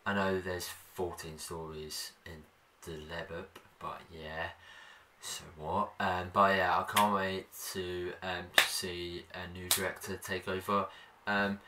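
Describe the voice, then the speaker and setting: A man's voice: low voice, level tone, slow pace. A man giving a casual spoken film review, enthusiastic and rambling, with many fillers and restarts. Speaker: movie reviewer. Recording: voice a bit far from the mic, faint background noise.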